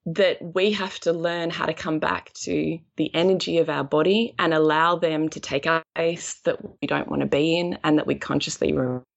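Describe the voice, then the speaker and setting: A woman in her forties giving a motivational relationship talk, acting out quoted voices with big jumps in pitch. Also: steady tone, moderate pace, vocal fry, hardly any pauses, highs cut off.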